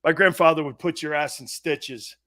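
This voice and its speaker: A middle-aged man hosting a sports talk show, telling stories loudly and laughing often. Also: a little high, normal speed. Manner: loud, laughing, impersonates family in quotes. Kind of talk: animated sports talk storytelling.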